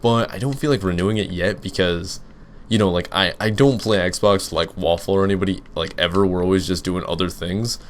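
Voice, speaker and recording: With a deep voice and fairly quick pace, a young gaming YouTuber chats through a Let's Play while taking viewer questions. He rambles, restarting often and using many fillers, and a faint hiss or hum sits under the audio.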